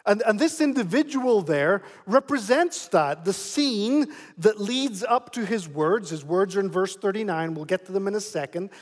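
A man's voice: high-pitched, lively intonation, normal speed, few pauses. A man preaching a sermon as pastor, emphatic and prone to repeating phrases. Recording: long hall reverb.

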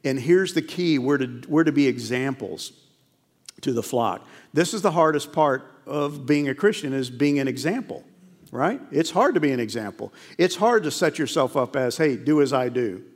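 A man's voice: a little high, expressive, normal speed, big-room sound. A middle-aged man preaching a sermon in a church, earnest and conversational, full of rhetorical questions. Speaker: pastor. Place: church sanctuary.

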